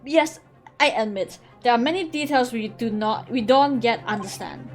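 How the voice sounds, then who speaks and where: An earnest young male defense lawyer from a courtroom video game lays out his theory in a measured, deliberate way, voiced by a woman streamer reading aloud. The voice is high, with faint music underneath. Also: close to an everyday voice.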